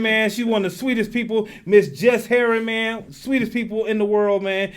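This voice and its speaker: A man's voice: high voice, fairly even intonation, normal speed, few pauses, clear, resonant tone. A man hosting a podcast, hyped and playful in casual chat. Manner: hyped, playful, calls people baby. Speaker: podcast host.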